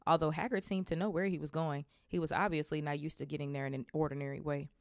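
A woman's voice: low voice, steady tone, quick pace, no echo, clean studio sound. A woman hosting a podcast, reading a novel aloud with casual, amused asides. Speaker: podcast host.

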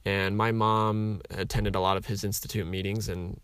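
A man's voice: lowish voice, flat delivery, normal speed, fairly bright tone, clear, resonant tone, no room sound. Man telling his story, lots of "like"s. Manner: rambling, filler-heavy, acts out dialogue. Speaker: speaker sharing a personal story. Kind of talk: casual storytelling talk.

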